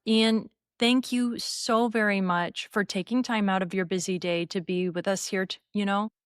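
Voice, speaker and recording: A woman host speaks effusively and with heartfelt warmth, emotional and close to tears. Her voice sits at a mid pitch, recorded dry and close. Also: steady tone, normal speed, smooth, no room sound. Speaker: podcast host. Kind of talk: interview chat.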